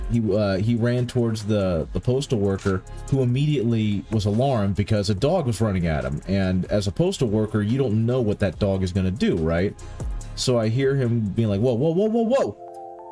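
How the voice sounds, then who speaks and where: A livestream host with a countryside background chats casually with viewers while painting miniatures. He sounds tired, rambles and corrects himself, and his voice is on the low side and warm.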